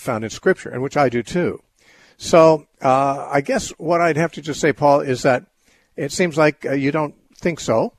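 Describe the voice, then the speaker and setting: Male radio call-in host, measured and patient, dry close mic. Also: mid-range voice, no room sound. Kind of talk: call-in radio Bible discussion.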